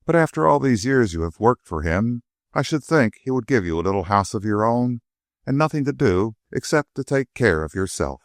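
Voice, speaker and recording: A man voicing a young woman who asks gentle, earnest questions and bristles quickly. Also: medium pitch, big pitch swings, no echo, clean studio sound.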